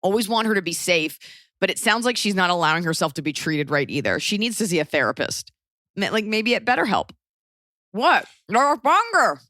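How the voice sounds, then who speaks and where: A woman's voice: fairly low pitch, animated, fast, a bit bright, no echo, studio quality. A woman in her thirties hosting a podcast, giving blunt, rambling, jokey advice in casual chat. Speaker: podcast host.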